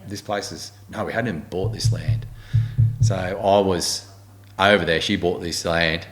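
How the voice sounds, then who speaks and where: Deep-voiced Australian man telling army stories. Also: unhurried. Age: middle-aged. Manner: blunt, swearing, animated storyteller. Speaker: guest, army warrant officer. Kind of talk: casual storytelling interview.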